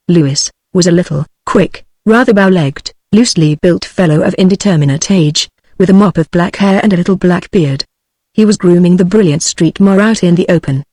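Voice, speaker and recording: British woman, synthetic audiobook narrator, even measured reading, dry close sound. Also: on the low side, no echo. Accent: British English.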